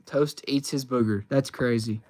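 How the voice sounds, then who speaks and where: A man's voice: mid-range voice, fairly even intonation, normal speed, darkish tone. A man from the United States streaming from his phone, reading chat questions aloud and answering in a chatty, rambling way with lots of fillers. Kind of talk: casual livestream chat.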